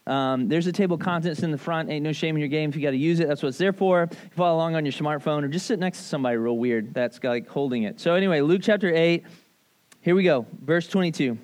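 A man preaching a casual sermon, talking to a congregation in a loose, animated way full of asides and questions. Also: a little high, fast talker. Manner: conversational, animated, lots of "like" and "right?". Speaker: pastor. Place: church service.

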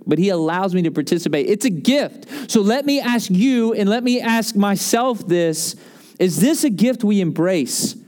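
Male pastor, higher register, conversational sermon delivery with plenty of asides. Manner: conversational, animated storytelling with asides.

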